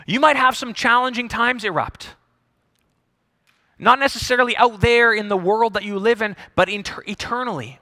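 A male pastor preaching a sermon, telling the story in an animated way with jokes and acted-out voices. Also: very high-pitched, no room sound, studio quality.

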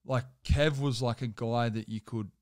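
A man's voice: mid-range voice, fairly even intonation, normal speed, darkish tone, smooth, no echo, studio quality. A young man, telling a personal story as a guest in loose, rambling casual talk full of swearing and filler words.

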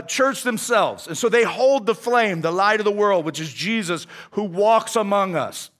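Pastor, male, high-pitched, relaxed sermon delivery full of "man" and restarts. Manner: casual preaching, says "man" often, many restarts.

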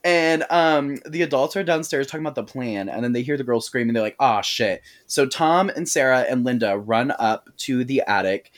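A man's voice: mid-range voice, a little fast, few pauses. A man co-hosting a podcast, recapping a horror movie in a casual, profane, storytelling way and slipping into quoted voices. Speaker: podcast co-host.

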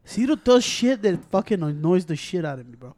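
A man's voice: high-pitched, big pitch swings, a little fast, a little mellow. A man with a Mexican American accent who mixes in Spanish, ranting in profane, repetitive bursts during casual podcast banter at a microphone. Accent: Mexican American English, mixing in Spanish. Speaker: podcast co-host.

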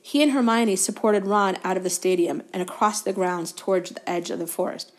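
A woman guest reader narrating a children's novel aloud in a steady, even way. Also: medium pitch, a little fast.

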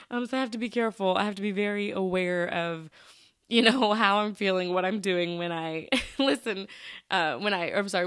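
A woman's voice: medium pitch, fairly bright tone, no echo, clean studio sound. A young woman hosting a casual solo podcast, chatty and often laughing. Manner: chatty, laughs often, addresses listeners as y'all. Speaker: podcast host.

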